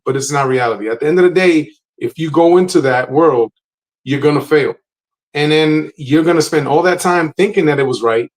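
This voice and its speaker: A man's voice: fairly high pitch, low-quality recording. A man co-hosting a podcast, talking casually but emphatically, often repeating his points. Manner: emphatic, lecturing, repeats phrases. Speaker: podcast co-host.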